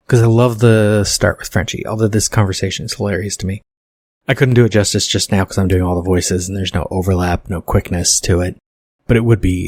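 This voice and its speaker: A man's voice: lowish voice, a little mellow, dry recording. A man hosting a podcast, reading his own screenplay and rambling through self-correcting asides about it. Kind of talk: casual podcast commentary on his own script.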